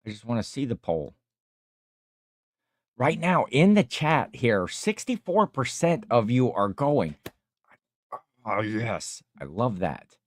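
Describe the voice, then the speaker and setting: A man hosting a casual livestream, reading viewer comments aloud and rambling with many pauses. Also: mid-range voice, big pitch swings, no room sound, clean studio sound. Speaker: livestream host.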